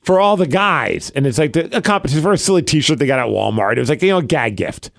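A man co-hosting a podcast, telling a story in casual chat and acting out quoted lines in a hushed voice. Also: mid-range voice, big pitch swings, rapid-fire, gravelly, dry recording, studio quality. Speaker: podcast co-host.

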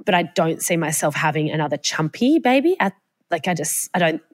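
Young aussie woman, low voice, rambly chatty podcast storytelling, swears a bit. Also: animated, fairly quick. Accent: Australian. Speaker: podcast co-host. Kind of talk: casual chat. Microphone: podcast mic, remote call.

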